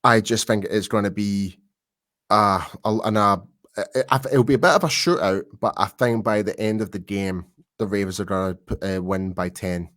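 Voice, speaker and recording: A man's voice: on the low side, normal speed, fairly bright tone, no room sound, studio quality. A man co-hosting a sports podcast in casual chat, chatty and self-deprecating, laughing easily. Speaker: podcast co-host.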